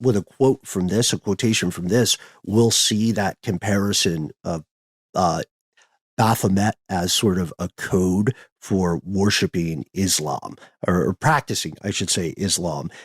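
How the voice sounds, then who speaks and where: A man's voice: low-pitched, a little slow, slightly rough, no echo, studio quality. A man hosting a podcast, explaining history in a conversational, thinking-aloud way. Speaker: podcast host.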